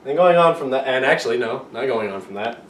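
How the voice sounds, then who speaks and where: A man's voice: medium pitch, animated, fast talker, fairly bright tone. Joking young man teaching from far back. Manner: rambling, self-mocking, playful. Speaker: amateur video teacher. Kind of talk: casual joking lesson. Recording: roomy echo, far from the mic, faint room noise.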